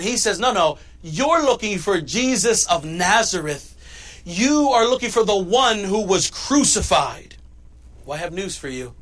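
A pastor preaches a sermon, his high-sitting voice swinging between loud, emphatic lines and hushed ones.

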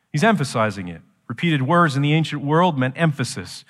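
A man preaching a sermon as pastor, shifting from quiet explanation to loud, slow, emphatic lines. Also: on the high side, lively intonation, in a large hall.

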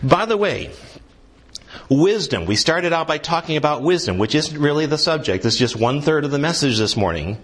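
A man's voice: lively intonation, moderate pace, a bit bright. Earnest man preaching a sermon. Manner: earnest preaching, rising in pitch and intensity when pressing a point; asks the congregation questions. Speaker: guest pastor.

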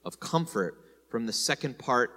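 A man's voice: mid-range voice, unhurried, in a large hall. A man teaching a sermon in a conversational way, often asking "right?" and lifting his voice on key points. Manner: animated, rising on key points. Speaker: congregation teacher.

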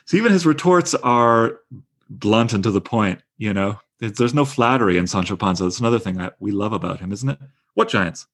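A man leads a literature class in a chatty, enthusiastic manner. His voice sits on the lower side. He talks conversationally, with fillers. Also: expressive, fairly quick. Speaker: teacher leading a literature class. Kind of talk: lecture and discussion.

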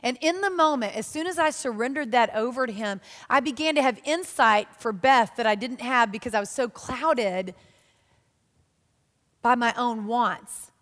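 A woman giving a sermon, telling stories in a lively, self-mocking way. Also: fairly high pitch, normal speed. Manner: animated, self-mocking storytelling. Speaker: church speaker. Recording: long reverb of a large hall.

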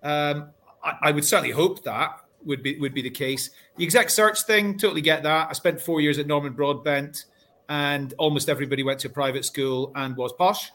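A man raised partly in Scotland speaks on a panel, his voice sitting a little higher than most men's. He talks in a chatty, animated way, often restarting his sentences as he goes. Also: a little fast. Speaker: panel guest. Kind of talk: casual panel discussion.

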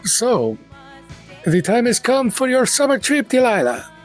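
A man doing a calm, lecturing fencing master. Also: very high voice, measured pace, soft background music, voice pushed up, heavily acted. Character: older male fencing master, dry and measured.

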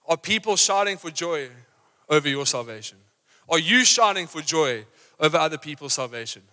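Man, live sermon, energetic and rousing, bright high voice, church hall reverb. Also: normal speed. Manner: energetic, rousing, acts out examples. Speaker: preacher. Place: church auditorium.

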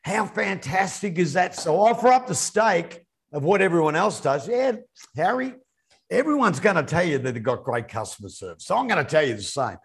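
Man, husky voice, animated swooping delivery, slightly high pitch, business podcast co-host. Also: moderate pace. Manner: animated storyteller. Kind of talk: casual business chat.

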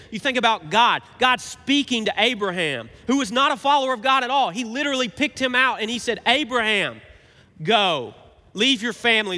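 Bright-voiced preacher in a big echoing hall. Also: male voice, high voice. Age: 30s. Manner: animated preaching, swings from emphatic to quiet. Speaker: pastor. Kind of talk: sermon. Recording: reverberant hall.

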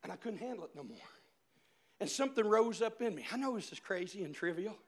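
A male preacher giving a sermon, telling a story with shouted, animated swings. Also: high voice, fast.

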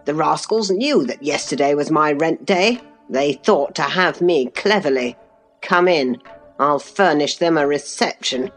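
A woman's voice: low voice, animated, a little slow, soft background music. A woman reading aloud, voicing a pompous, self-righteous old male magistrate.

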